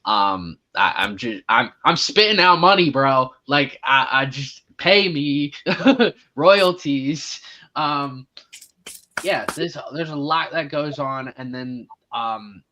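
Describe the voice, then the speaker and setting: Guy rambling about movies, bright voice, kinda dull lo-fi sound. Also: mid-range voice, expressive, takes it slowly. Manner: rambling, laughs often. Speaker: co-host. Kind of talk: casual movie chat.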